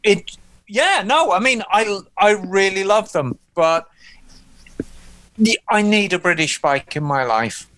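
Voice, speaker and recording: A man with a high, smooth, resonant voice talks casually on a podcast, thinking aloud and padding with fillers. The sound is close and dry, with little room around it. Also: takes it slowly, no room sound. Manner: relaxed, thoughtful explaining with many fillers. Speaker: podcast co-host. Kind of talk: casual chat.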